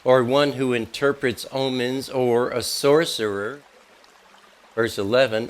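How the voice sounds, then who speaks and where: Slow, deliberate male minister. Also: mid-range voice. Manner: slow, deliberate, reads scripture aloud with warnings. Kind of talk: teaching talk.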